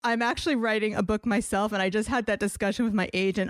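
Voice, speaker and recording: A woman's voice: medium pitch, fairly even intonation, quick pace, few pauses, dry recording, clean studio sound. A woman with a New York accent hosting a podcast interview, talking in a chatty, enthusiastic way. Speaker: podcast host. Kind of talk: casual interview chat.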